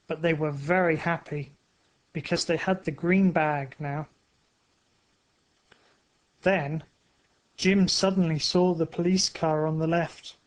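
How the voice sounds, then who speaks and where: A man narrating a simple graded story for English learners, with careful, evenly spaced phrasing. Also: fairly high pitch.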